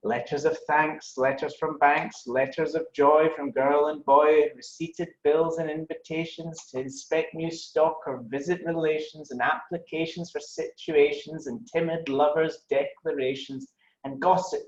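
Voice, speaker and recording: A man's voice: on the high side, fairly even intonation, unhurried, a little mellow, reverberant, muffled recording. Man reciting a poem with rolling rhythm. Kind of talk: reading a poem aloud.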